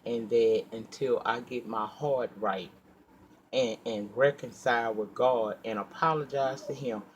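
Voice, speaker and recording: A man telling a personal story in a casual storytime monologue, animated and profane, acting out his own heated outbursts and then dropping to a quiet, earnest tone when he reflects. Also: medium pitch, a little hiss or hum. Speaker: storyteller vlogger.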